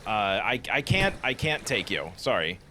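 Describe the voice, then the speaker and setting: A man hosting a casual let's play, giving animated, jokey commentary on a video game. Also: fairly low pitch, normal speed, slight background noise. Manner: animated, jokey, self-deprecating.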